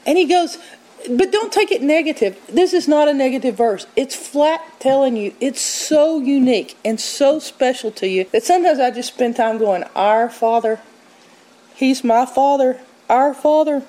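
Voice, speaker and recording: A woman with a fairly high voice teaches from the Bible in a loose, conversational way. She keeps it animated, slipping into little voices as she quotes verses and retells what people said to her. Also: moderate pace, low-quality recording.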